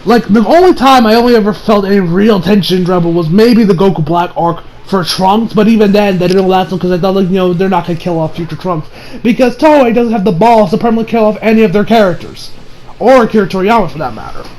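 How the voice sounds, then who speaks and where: A man's voice: sits high, fast, a little mellow. A man giving a casual anime episode review in a rambling, slangy way, full of fillers and loose asides.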